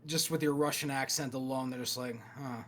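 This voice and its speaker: A man running a cyberpunk tabletop game as game master, narrating scenes in a steady, descriptive way with pauses. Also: mid-range voice, a little hiss or hum.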